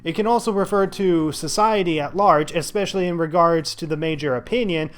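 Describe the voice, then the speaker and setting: A man's voice: fairly high pitch, brisk, clean tone. A man giving casual gameplay commentary as a let's play host, sarcastic and thinking aloud with lots of fillers.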